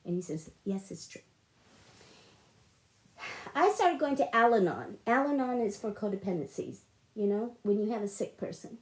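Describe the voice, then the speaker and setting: Speaking fairly quickly and with animation, this middle-aged woman has a medium-pitched voice. Her monologue recounts something personal, emotional and repetitive with frequent restarts, recorded in an echoey room.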